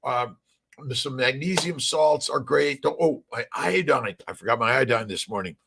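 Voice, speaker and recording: A middle-aged man with a gravelly edge hosts a casual morning livestream. He rambles cheerfully and greets his viewers one by one, and his voice sits at a middle pitch. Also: normal speed, noisy background. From Southern California. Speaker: livestream host.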